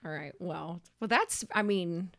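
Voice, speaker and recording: Woman, low-pitched, chatty storyteller, dry close mic. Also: gravelly, dry recording. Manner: animated, swearing, rapid bursts when excited. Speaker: podcast co-host. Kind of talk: casual storytelling chat.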